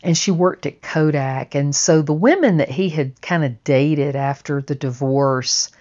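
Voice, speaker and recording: A woman telling a personal story in a slow, reflective, drawling way. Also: sits low, a little mellow. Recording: slightly dull lo-fi recording.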